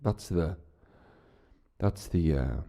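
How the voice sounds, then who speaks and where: On his own podcast, a Northern Irish man chats casually in a voice that sits low, with a slow pace and warm tone. His talk is rambling and profane, full of restarts.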